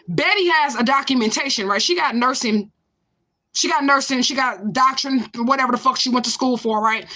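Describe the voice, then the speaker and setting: High-pitched, bright, and pushed, a vlogger in her 40s answers a commenter with a barrage of repeated questions in a profane, confrontational rant to camera.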